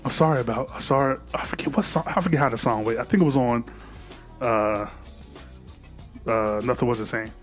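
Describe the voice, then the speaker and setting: A man's voice: medium pitch, lively intonation, a little fast, pauses often, faint music behind. A man recapping a movie in a casual, slangy way, acting out the characters' lines as he tells the story.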